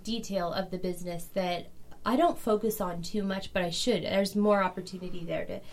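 A woman guest on a podcast, telling stories in a casual, animated way, laughing often and acting out what people said. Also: fairly low pitch, normal speed. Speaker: podcast guest, vintage furniture dealer. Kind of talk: casual storytelling chat.

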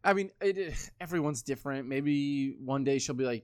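A man's voice: mid-range voice, lively intonation, brisk, clean tone, dry recording, clean studio sound. A man in his twenties talking casually, rambling with lots of swearing and filler words. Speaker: podcast co-host. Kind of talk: casual chat.

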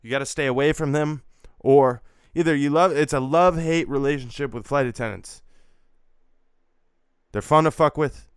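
Young man, casual vlog, profane, rambling, many fillers, smooth resonant voice, dead dry room. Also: on the high side, normal speed, dry recording. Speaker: beer-review show host. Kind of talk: crude casual morning vlog.

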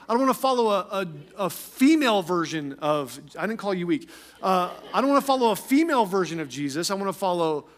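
A male pastor preaching a sermon in an energetic, emphatic way, often repeating phrases for stress. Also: high-pitched.

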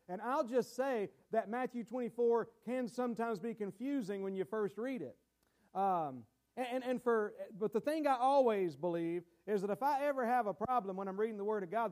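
A man's voice: high voice, darkish tone. A man preaching a teaching sermon in a conversational way, with many fillers and restarts and emphatic key points. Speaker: pastor.

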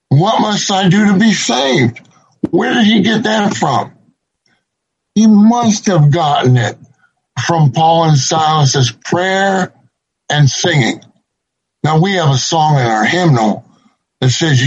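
A man delivers a sermon at an unhurried, measured pace, his voice slightly husky and pitched a little above the usual. The recording sounds dull and lo-fi. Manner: slow, deliberate preaching with emphatic repetition. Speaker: preacher.

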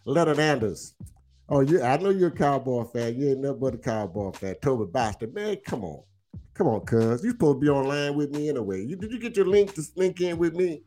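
A man's voice: mid-range voice, brisk, soft background music. A man hosting a casual livestream, teasing and drawling as he talks football smack with viewers. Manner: animated, teasing, drawling, repeats himself. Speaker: livestream host.

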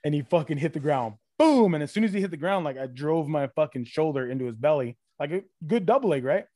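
A man's voice: on the high side, quick pace, dry recording. A man, a podcast guest, telling a rowdy story in casual chat, swearing constantly and piling on fillers. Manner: profane, animated storytelling full of fillers. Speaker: podcast guest, former retail loss-prevention worker.

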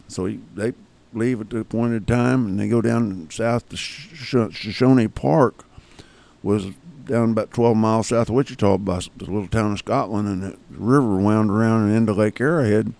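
Gravelly older man spinning folksy yarns. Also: on the low side, steady tone, normal speed, darkish tone. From Kansas, US. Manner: folksy yarn-spinning with rough grammar. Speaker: guest. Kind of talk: casual storytelling.

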